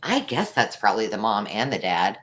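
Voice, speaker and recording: A woman's voice: extremely low pitch, big pitch swings, fairly quick, a bit bright. A woman hosting a live online sale, chatty and jokey, laughing at her own remarks. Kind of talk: live-stream sales chat.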